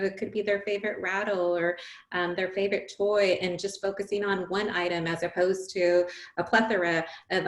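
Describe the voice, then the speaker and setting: A woman answering questions in a webinar, lively and animated, often acting out examples. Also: medium pitch. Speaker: webinar presenter. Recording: roomy echo.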